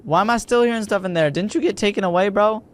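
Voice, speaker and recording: Chatty young man doing game commentary, a touch high, light noise. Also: fast talker. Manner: excitable, chatty, reads game text aloud. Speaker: gamer. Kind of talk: let's play commentary.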